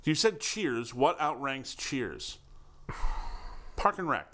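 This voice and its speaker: A man's voice: mid-range voice, very animated, slow, a bit bright. A man in his forties from Connecticut, co-hosting a podcast in casual chat, who laughs easily and tells stories with enthusiasm. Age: 40s. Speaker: podcast co-host.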